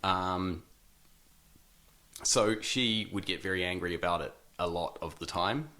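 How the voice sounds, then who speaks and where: A man's voice: low-pitched, measured pace, pushed and bright. A man in his thirties with a New Zealand accent, an interview guest talking casually and hesitantly, with many ums and restarts.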